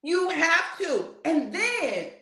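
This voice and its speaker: A high-voiced woman preaches, hammering the same phrases again and again and breaking into shouts. The sound is roomy and echoey. She drives a sermon straight at her listeners. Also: big pitch swings, extremely slow. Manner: fiery, repetitive exhortation with shouts and laughs.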